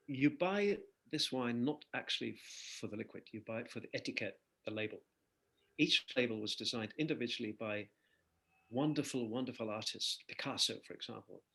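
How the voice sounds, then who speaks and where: Older male guest, animated anecdotal storyteller, rough gravelly voice. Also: mid-range voice. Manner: animated anecdotal storyteller, laughs between phrases. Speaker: singer-songwriter guest. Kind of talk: conversational interview storytelling.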